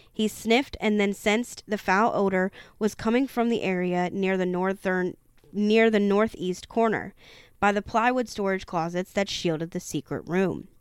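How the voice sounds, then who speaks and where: A woman reads a haunted-house book aloud at an even storytelling pace. Her voice is smooth and clean, sitting in the middle of the range. The sound is dry, with no room around it, and she sometimes stumbles on a word and goes back over it. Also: mid-range voice, no room sound. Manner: steady storytelling with occasional stumbles and self-corrections. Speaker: reader of a true-haunting book. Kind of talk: reading a horror book aloud.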